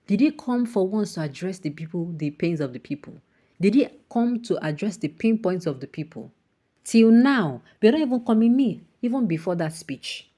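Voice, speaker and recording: A woman's voice: on the low side, mellow. A woman with a Nigerian accent who reads the news and then breaks into indignant commentary, mixing in Pidgin phrases and exclamations. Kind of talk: news reading mixed with heated commentary.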